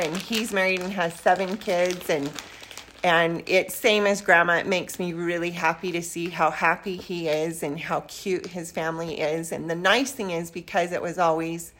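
A woman's voice: lowish voice, moderate pace, a little hiss or hum. An older grandmother in a casual interview, telling stories from her youth and acting out bits of dialogue. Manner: lively storyteller who acts out quoted dialogue.

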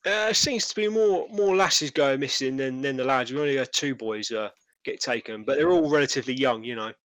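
A man's voice: mid-range voice, brisk, fairly bright tone, dry recording, natural voice, low-quality recording. A man voicing a blunt, cocky older male market stall worker, in a tabletop game. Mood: grumbling. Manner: blunt, cocky, says mate a lot.

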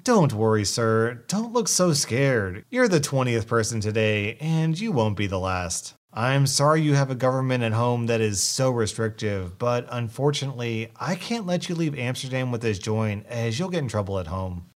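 A man voicing a kindly customs officer, calm and reassuring in an everyday voice. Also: medium pitch, normal speed, few pauses, natural voice.

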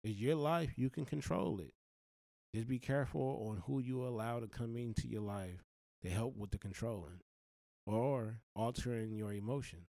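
A man talks straight to his listener with blunt, slangy, heartfelt advice. His pitch sits in the middle of the range, and he speaks with an earnest weight. The recording is dry, with no room sound. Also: moderate pace, vocal fry, warm tone, no echo. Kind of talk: direct-to-camera life advice monologue.

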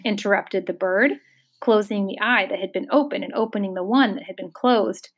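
A woman reading a children's fantasy novel aloud in a measured, expressive storytelling voice. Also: mid-range voice. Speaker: audiobook narrator. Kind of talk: scripted narration.

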